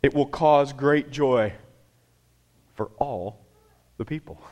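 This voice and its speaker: A man's voice: mid-range voice, slow, darkish tone. A man preaching a sermon in a conversational, emphatic way, repeating phrases for effect. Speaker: pastor.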